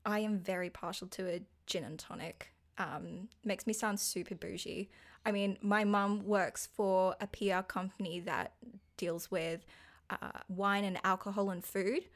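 A woman's voice: mid-range voice, steady tone, a little slow. A young woman, chatting casually and giggling, joking about herself. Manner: giggly, chatty, self-deprecating. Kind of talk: casual chat.

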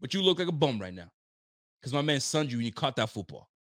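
A man's voice: medium pitch, very animated, fast talker, fairly bright tone. A young man hosting a live sports stream, ranting with frustration and swearing freely, sometimes acting out players' voices. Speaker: livestream host. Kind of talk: animated live sports rant.

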